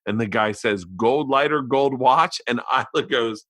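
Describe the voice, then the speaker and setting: A man in his forties hosting a podcast, telling a rambling, profane story in a loose, animated way. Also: medium pitch, unhurried, no room sound. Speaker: podcast host. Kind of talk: casual storytelling monologue. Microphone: studio podcast mic.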